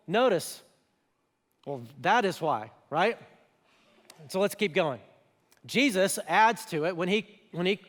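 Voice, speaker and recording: A man preaching a sermon as pastor, talking in a casual, animated way with quick voiced asides. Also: a little high. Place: church auditorium. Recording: church hall with long reverb.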